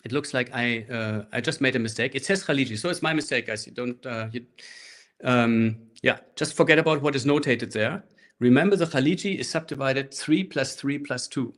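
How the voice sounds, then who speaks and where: A man teaching a live online handpan workshop through a laptop microphone, explaining rhythms in a relaxed way and speaking rhythm syllables while he plays. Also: mid-range voice, normal speed. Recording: laptop mic with handpan music. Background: handpan playing.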